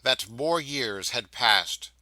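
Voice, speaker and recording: Bright-voiced male audiobook narrator. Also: mid-range voice, no echo, poor audio. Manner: measured, expressive reading. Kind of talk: scripted narration.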